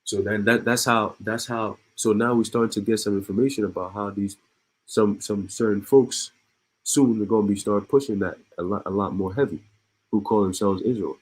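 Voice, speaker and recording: Here the man's voice is on the low side, husky and darkish, moving at a normal pace over a low-quality recording. He's an online commentator reading the news with his own commentary mixed in, regularly stopping to laugh and repeating or restarting words.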